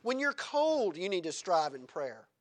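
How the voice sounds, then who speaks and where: A man preaching a sermon, swinging between loud exhortation and quiet asides where he chuckles. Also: sits high, very animated, unhurried.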